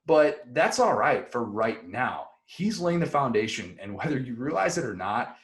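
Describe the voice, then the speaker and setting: A young man talks through a sports topic as a columnist, in a loose, opinionated style. His voice sits at an ordinary middle pitch, and he drifts into asides and rhetorical questions as he makes his case. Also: big pitch swings, moderate pace. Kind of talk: casual opinion commentary.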